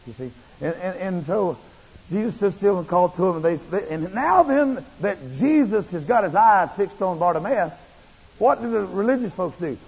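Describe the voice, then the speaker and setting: A male preacher giving a fervent, repetitive sermon that rises into shouts. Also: high voice, lively intonation, normal speed, creaky, breathy edge. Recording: muffled, long hall reverb.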